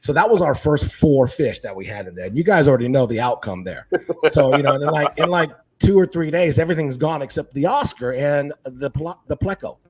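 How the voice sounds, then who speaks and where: A middle-aged man from Hawaii telling casual stories about his life, animated and acting out what his family said. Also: on the high side, a little fast, breathy edge. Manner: animated, acts out family quotes. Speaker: podcast guest. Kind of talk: casual storytelling chat.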